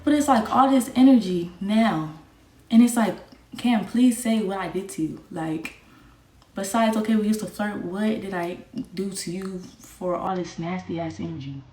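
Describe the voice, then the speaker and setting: A woman's voice: medium pitch, moderate pace, dark tone. A young woman streamer, ranting bluntly and defiantly, swearing and repeating herself. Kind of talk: livestream rant. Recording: echoey room with faint music.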